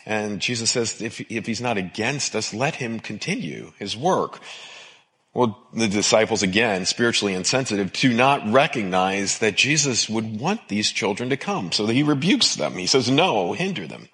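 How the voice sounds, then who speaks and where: Male pastor mid-sermon, animated and emphatic, repeating key lines. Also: fairly low pitch, normal speed. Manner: expressive preaching with emphatic repetition.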